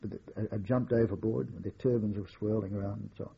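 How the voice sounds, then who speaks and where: An older man, a war veteran, recalling his memories in a measured oral-history style with occasional wry chuckles. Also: lowish voice, steady tone, gravelly, husky, dull audio.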